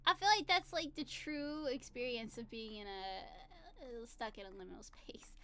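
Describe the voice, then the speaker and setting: A woman's voice: on the high side, animated, moderate pace, background noise. A woman vlogger chatting casually to camera, giggling often and filling her talk with "like" and "um". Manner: chatty, giggly, lots of fillers. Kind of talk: casual chat.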